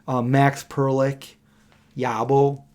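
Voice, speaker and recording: A man chatting on a late-night live stream from home, his voice at an ordinary middle pitch. He rambles along, trails off while hunting for names, and now and then hums a little tune to himself. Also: flat delivery, slow pace, a little mellow. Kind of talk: casual chat. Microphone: desk microphone.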